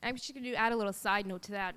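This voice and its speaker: A woman's voice: medium pitch, rapid-fire, bright, forceful tone, smooth. A woman in her thirties, a mother telling her family's story as a personal faith testimony, in an earnest and emotional way.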